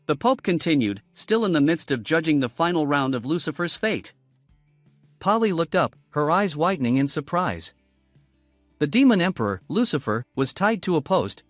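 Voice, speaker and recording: Recap narrator, man, slightly high and very lively pitch, dry close sound, faint music under. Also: dry recording. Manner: steady storytelling read. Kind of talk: scripted story narration. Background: faint background music.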